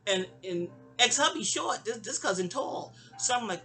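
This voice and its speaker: A woman's voice: on the high side, animated, moderate pace, a bit bright. A woman, telling a personal story in a casual, rambling audio-diary style, stammering and restarting and acting out quoted lines.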